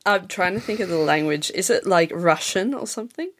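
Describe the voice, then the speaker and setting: A woman answers quiz questions in a hesitant, halting voice full of restarts. She teases herself about her mistakes in a relaxed conversation. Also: lowish voice. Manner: hesitant, halting, self-deprecating. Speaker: quiz contestant. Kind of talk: casual chat.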